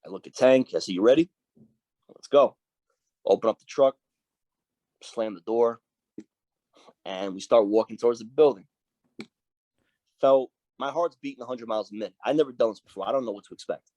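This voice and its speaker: A man's voice: mid-range voice, moderate pace, long pauses, dark tone, no echo, muffled recording. Profane, storytelling biker man. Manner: profane, vivid storyteller who acts out quoted dialogue. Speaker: biker club sergeant at arms, podcast guest. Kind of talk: storytelling in a casual interview.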